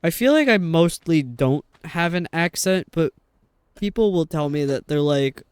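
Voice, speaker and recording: A man's voice: a little high, expressive, a little slow, clean tone. A young adult man streaming a game, chatting in a rambling, casual way with lots of fillers. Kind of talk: casual chat while playing a game.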